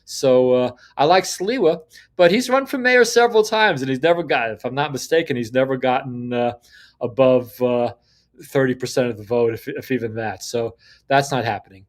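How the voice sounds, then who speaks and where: A man's voice: mid-range voice, normal speed. An older man in his sixties hosting a solo political commentary show, rambling and opinionated with frequent restarts and fillers. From New York City. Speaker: podcast host.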